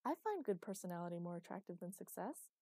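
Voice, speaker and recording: A woman's voice: fairly low pitch, big pitch swings, fast, dark tone, dry recording. A woman voicing a cheerful young female writer who runs a fantasy game with sadistic glee. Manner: cheerful and teasing.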